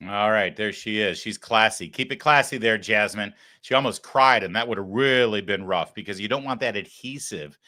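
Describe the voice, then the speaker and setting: A man's voice: on the low side, normal speed, hardly any pauses, bright, forceful tone. A man hosting a political talk show, delivering mocking commentary with wry asides.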